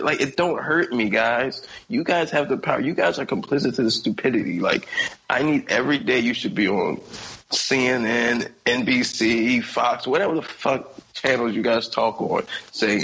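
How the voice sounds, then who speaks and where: A man's voice: medium pitch, moderate pace, a bit bright, dull audio, slight background noise. A man co-hosting a casual podcast, ranting heatedly in slang and laughing often. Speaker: podcast co-host.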